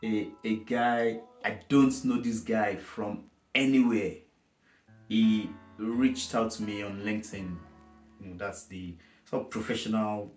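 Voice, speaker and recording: A man vlogging casually about his own life, emotional and reflective, wandering off on tangents as he talks. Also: lowish voice. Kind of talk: casual personal storytelling. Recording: roomy echo with faint guitar music.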